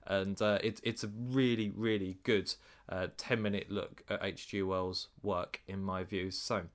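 A man hosting a podcast, introducing segments in a measured, slightly hesitant way. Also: sits low, little pitch movement. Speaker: podcast host. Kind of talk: casual podcast chat.

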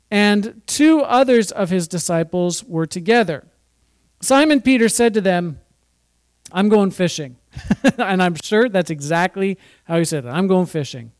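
A man's voice: high-pitched, dry recording. A man giving an informal Bible teaching, reading scripture with chatty, jokey asides. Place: church or fellowship hall.

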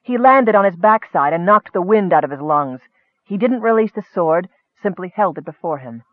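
A man narrating a fantasy story in a steady, measured audiobook reading. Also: sits high, dry recording, phone-quality sound.

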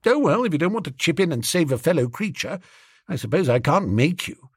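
Guy playing a chatty young toff, husky, bouncy up-and-down voice. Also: on the high side, brisk, no echo, studio quality, voice pushed up, exaggerated voice. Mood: breezy. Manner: excitable, chummy, exclamatory. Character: breezy impulsive young gentleman.

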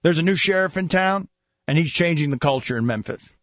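A man's voice: a little high, expressive, a little fast, a bit bright, no echo. A man hosting sports talk radio, emphatic and mocking, on a dull lo-fi studio recording. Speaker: radio show host.

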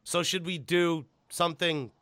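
A man hosting a podcast in loose, casual chat, excitable and profane, breaking into loud laughs. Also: fairly high pitch, a little slow, no room sound, studio quality. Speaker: podcast host.

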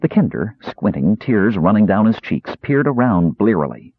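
A man narrating a fantasy novel in an expressive storytelling way. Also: lowish voice, moderate pace, husky, no room sound. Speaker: audiobook narrator. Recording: dull lo-fi recording.

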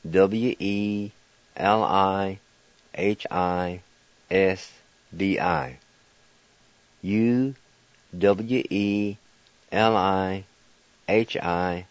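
A man leads a radio language lesson in a low voice, unhurried and very patient. He spells words out letter by letter and repeats each syllable. The sound is dry and a little dull, like an old broadcast. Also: dry recording. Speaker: language teacher and radio host.

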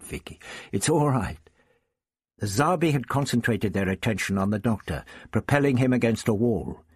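A man narrating an audiobook in a dramatic, measured storytelling manner. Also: sits low, a little hiss or hum.

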